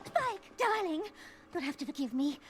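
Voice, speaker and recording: A posh, melodramatic cartoon unicorn lady, all refined drawn-out vowels and theatrical flourish. Her voice is very high and swoops about expressively over loud cartoon music. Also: big pitch swings. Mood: dramatic. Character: posh, dramatic, fashionable female unicorn. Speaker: cartoon character and narrator.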